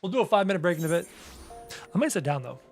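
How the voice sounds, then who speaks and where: High-voiced playful male streamer. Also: very animated, rapid-fire, soft background music. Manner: playful, teasing, self-mocking. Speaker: game streamer. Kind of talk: casual live-stream chat.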